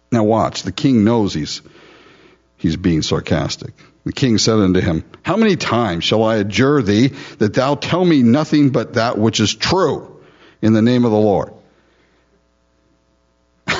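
A man's voice: on the low side, lively intonation, normal speed, long pauses, darkish tone, muffled recording. A man preaching a sermon as pastor, teaching verse by verse, laughing often and acting out the Bible figures with sarcasm.

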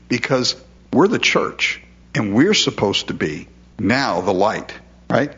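Guy preaching thru scripture, talks like a chat, throws out questions, muffled lo-fi sound, middle pitch. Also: big pitch swings, takes it slowly, a bit bright. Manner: conversational, asks rhetorical questions. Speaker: pastor. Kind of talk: expository sermon.

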